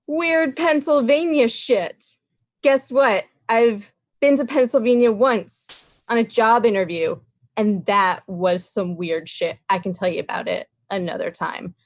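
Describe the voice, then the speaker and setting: A woman's voice: a little high, measured pace, no room sound, studio quality. Upbeat woman presenting on a video call. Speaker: presenter in a slideshow game. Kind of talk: improvised comic presentation.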